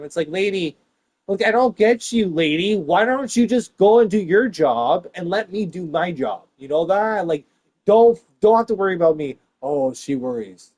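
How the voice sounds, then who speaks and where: A man with a fairly high voice ranting straight to his viewers. His rambling, profane monologue lurches from loud outbursts to low, muttered asides. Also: animated, normal speed. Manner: rambling and profane, swings between loud and hushed.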